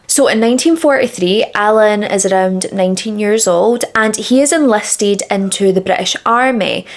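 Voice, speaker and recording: A woman's voice: mid-range voice, creaky. A woman hosting a true crime channel, telling a case in a chatty, dramatic way while doing her makeup, on a small clip-on mic. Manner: chatty, dramatic and emphatic, with repeated words. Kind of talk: casual true crime storytelling during a makeup routine. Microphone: small clip-on microphone.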